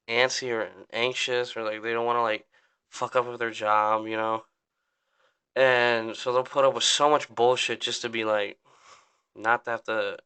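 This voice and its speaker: A man's voice: medium pitch, pushed and bright, clear, resonant tone. A young man hosting a podcast, rambling and venting in a downbeat casual rant, swearing often and saying "like" constantly. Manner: rambling, swears a lot, full of "like". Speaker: podcast host.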